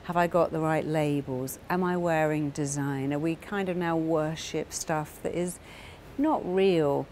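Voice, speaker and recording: Woman, therapist, middle-aged, low-ish voice, earnest, acts out quotes. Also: steady tone, unhurried, a little mellow, slight background noise. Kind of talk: talking to camera about therapy.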